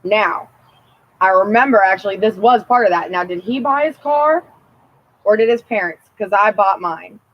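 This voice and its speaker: A woman's voice: mid-range voice, moderate pace, highs cut off. A woman telling personal stories in a blunt, rambling and profane casual monologue.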